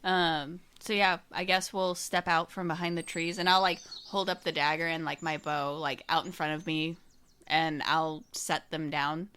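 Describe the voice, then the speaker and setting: A woman's voice: low voice, fairly even intonation, moderate pace, sharp tone, clear, resonant tone. A woman playing a tabletop game, talking in a casual, wry way. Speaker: player.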